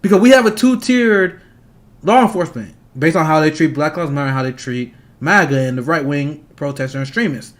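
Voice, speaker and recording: A man delivering a heated, profane political rant, angry and laughing scornfully between points. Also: a little high. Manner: angry, fast, profane, laughs mid-sentence. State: agitated. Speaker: political commentator.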